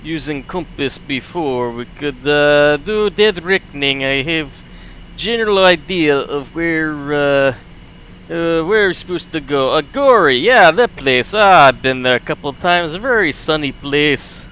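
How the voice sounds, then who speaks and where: A man voicing a boastful Soviet pilot in a put-on Russian accent, in halting broken English full of "uh"s. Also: a little high, lively intonation, a little hiss or hum. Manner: broken grammar, halting with "uh", louder than his own talk. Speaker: streamer playing a flight sim.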